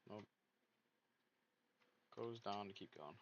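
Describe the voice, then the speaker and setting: A man's voice: lowish voice, takes it slowly. A man thinking aloud as he hosts casual gameplay commentary, rambling and poking fun at himself. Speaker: gaming video host. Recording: dull lo-fi mic with faint noise.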